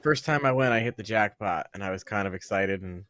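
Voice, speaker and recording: A man's voice: lowish voice, a little fast, fairly bright tone, dry recording. A man co-hosting a casual fish hobby live stream, chatting in an easygoing way and passing along viewer questions.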